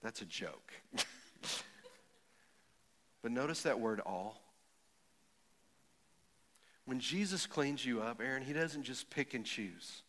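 A middle-aged man preaching a sermon with folksy stories, building from quiet reflection to emphatic punch lines. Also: medium pitch, expressive, slow, pauses often. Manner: folksy storytelling, rising to emphatic, builds up to jokes. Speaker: pastor. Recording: echoey hall with long reverb.

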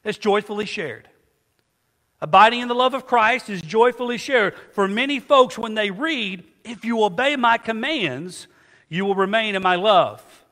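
High, bright-voiced male preacher. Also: lively intonation, unhurried. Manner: call-and-response preaching, asks the congregation to fill in words. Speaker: pastor. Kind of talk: sermon. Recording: long hall reverb.

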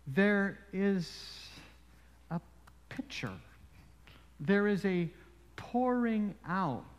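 A man preaching a sermon as pastor, telling stories in an animated way with frequent asides. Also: high voice, highs cut off. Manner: animated storytelling with frequent "you know" asides. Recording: long reverb in a large hall.

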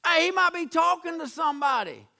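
Mocking prophet, put on by a male preacher: pitch jumps way up, hollered jeers. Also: animated, a little fast, creaky, pushed and bright, heavily acted.

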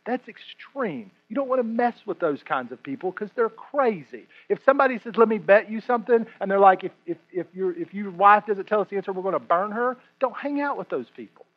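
A man preaching a sermon, animated and joking, often repeating his words as he explains scripture. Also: high-pitched, brisk, hardly any pauses, highs cut off. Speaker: pastor.

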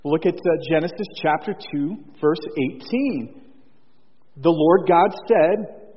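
A man's voice: a little high, takes it slowly. A pastor preaching a sermon, earnest, restarting his sentences and repeating key phrases. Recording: husky voice in a long church reverb, dull lo-fi sound.

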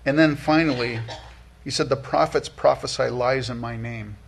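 Gravelly-voiced man preaching a sermon. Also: mid-range voice, moderate pace, slight background noise. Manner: earnest, conversational, many restarts, rises for emphasis. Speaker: pastor.

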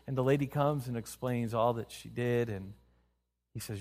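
Male preacher, a touch high, storytelling sermon with long hall reverb. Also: fast. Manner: animated storytelling, acting out quotes, frequent restarts.

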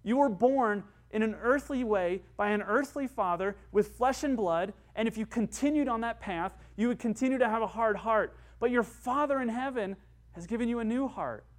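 A man's voice: high-pitched, moderate pace, pitched above the performer's own voice, lightly acted. A man preaching a sermon voices Jesus praising a disciple in a raised, exclaiming tone. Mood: emphatic praise.

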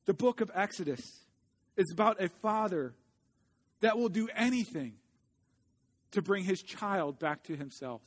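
A man preaching a sermon in an earnest way, slowing down when he reads scripture aloud. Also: high-pitched, animated. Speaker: pastor.

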